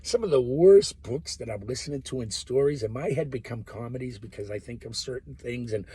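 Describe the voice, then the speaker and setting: A man thinks out loud in a rambling, off-the-cuff monologue, cursing freely and jumping between subjects. His pitch sits in an ordinary middle range but swings widely as he talks. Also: animated, brisk, few pauses, slightly rough. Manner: rambling, profane, jumps between topics. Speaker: vlogger.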